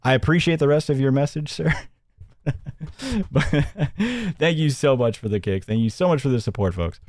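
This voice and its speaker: A man's voice: mid-range voice, expressive, moderate pace, a little mellow, dry recording. A man hosting a livestream, rambling and mocking as he comments and thanks viewers, often chuckling. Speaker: host.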